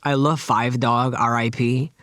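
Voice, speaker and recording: A young man co-hosting a casual podcast, trading sarcastic, quick banter. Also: medium pitch, little pitch movement, a bit bright, no room sound, studio quality. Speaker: podcast co-host.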